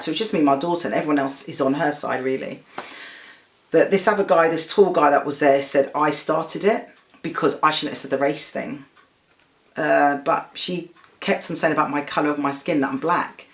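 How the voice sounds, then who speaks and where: A woman, hosting her own show and earnestly retelling a dispute, stumbling and restarting as she goes. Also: reverberant. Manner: voices the other people with a raised pitch. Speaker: host. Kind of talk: personal storytelling to camera.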